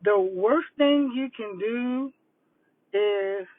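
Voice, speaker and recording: An older woman coaching on vision boards, telling stories in a casual, animated, rambling way. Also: medium pitch, very slow. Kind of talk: casual livestream talk. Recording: tinny phone-like line, dry.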